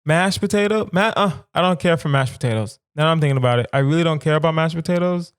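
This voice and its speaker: A man in his thirties from the southern United States, hosting a solo comedy podcast in a rambling, animated way and putting rhetorical questions to his listeners. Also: fairly high pitch, clean tone. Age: 30s. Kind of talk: casual solo podcast musing.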